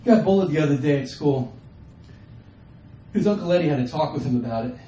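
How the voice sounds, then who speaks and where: A man performing a stand-up comedy set, acting out his family members in quick bits. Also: fairly high pitch, animated, dark tone, a little hiss or hum. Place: comedy stage before a live audience. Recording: roomy, distant mic with faint ambience.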